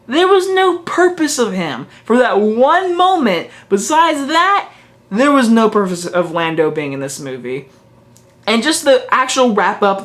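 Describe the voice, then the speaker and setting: A man giving a casual spoken film review in a frank, exasperated way, restarting his sentences and mocking what he disliked. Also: sits high. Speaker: movie reviewer.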